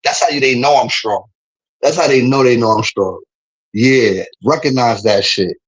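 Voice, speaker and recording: A man's voice: medium pitch, moderate pace, husky, rough recording. A young man with a New York accent, a streamer from the Bronx, trash-talking in a casual, profane livestream rant and laughing between lines.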